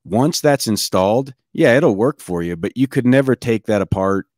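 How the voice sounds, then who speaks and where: A man's voice: mid-range voice, lively intonation, moderate pace, darkish tone, dry recording. A man on a podcast panel chatting casually in a dry, matter-of-fact way. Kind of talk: casual chat.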